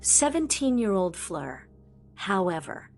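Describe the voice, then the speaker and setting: Woman narrator, slow, even pitch, faint music bed. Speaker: audiobook narrator. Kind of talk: fan fiction audiobook narration.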